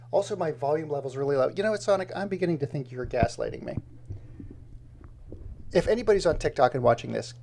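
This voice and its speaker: A man's voice: medium pitch, gravelly, a little mellow, slightly rough. A man live-streaming while he edits video, talking to himself as he works and greeting viewers by name in a casual, chatty way.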